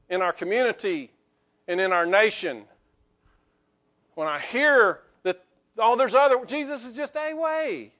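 A male pastor delivering a lively sermon in church, joking with the congregation and calling for amens. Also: high-pitched, dull audio.

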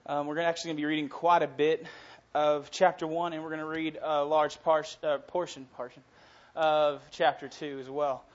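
A young man, a college pastor giving an energetic, enthusiastic sermon in a church and reading scripture aloud. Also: a little high, a little fast, few pauses. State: out of breath. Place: church sanctuary. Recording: dull lo-fi sound.

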